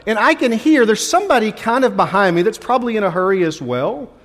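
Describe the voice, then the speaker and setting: A man's voice: sits high, lively intonation, fast talker, fairly bright tone. A man preaching as a pastor, telling a chatty, self-deprecating story with frequent restarts before turning to the sermon. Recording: long reverb of a large hall.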